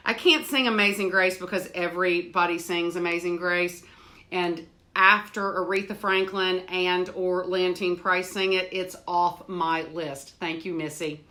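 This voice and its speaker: Her voice is lowish, bright and forceful. As host of a home cooking livestream in a home with doors open, she chats casually with viewers by name, laughs readily and sings hymns.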